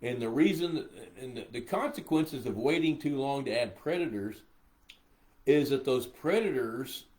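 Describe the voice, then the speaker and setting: A man's voice: mid-range voice, expressive, measured pace, darkish tone. Older male host, drowsy and meandering, live Q&A tone. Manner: rambling, reads viewer questions aloud, easily sidetracked. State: sleepy. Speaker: pond management expert hosting a live Q&A. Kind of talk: casual live-stream Q&A.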